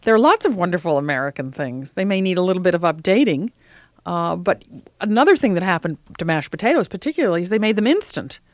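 A woman food writer as an interview guest, telling lively, opinionated stories in casual conversation. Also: on the low side, quick pace, no room sound, clean studio sound.

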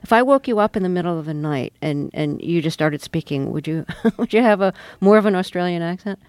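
A woman's voice: fairly low pitch, animated, a little fast, a little mellow, no echo. A woman hosting an interview, asking curious, amused questions. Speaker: interviewer host. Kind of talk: radio interview.

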